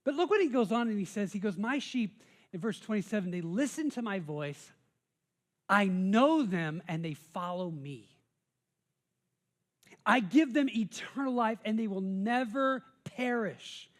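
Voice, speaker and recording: American male pastor, high voice, chatty sermon delivery, stumbles and restarts often. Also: animated, measured pace. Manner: conversational, with many restarts and repeated words.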